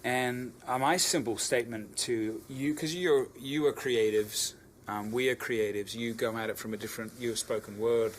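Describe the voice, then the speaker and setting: A man's voice: medium pitch, steady tone, moderate pace, hardly any pauses, a little hiss or hum. An Australian man, a musician, talking through his thoughts in a casual interview with many restarts. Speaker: musician guest.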